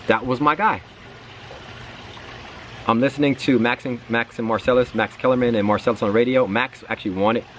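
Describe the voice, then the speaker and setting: A man running a sports channel, telling a long story in casual commentary with lively asides and acted-out reactions. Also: mid-range voice, slight background noise. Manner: animated storytelling, repeats words, acts out his own reactions.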